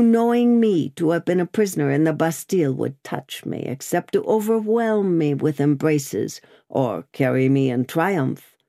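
A woman reading the part of an elderly male doctor who is calm and bold, speaking in a cool, confident way in an audiobook. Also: sits low, creaky, no room sound, studio quality, full character voice.

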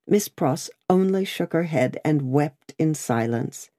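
A woman reading a classic novel aloud in an expressive, varied way. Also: low-pitched, slow, hardly any pauses, dry recording, clean studio sound. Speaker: audiobook reader. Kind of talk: scripted narration of a classic novel.

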